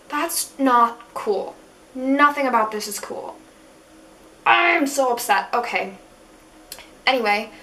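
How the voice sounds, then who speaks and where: A young woman with a fairly high voice talks her way through a product review. She is chatty and frank, with plenty of fillers. Her voice sits a little back from the mic, with faint room noise behind it. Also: fairly bright tone, far from the mic. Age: young adult. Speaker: beauty vlogger. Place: room at school.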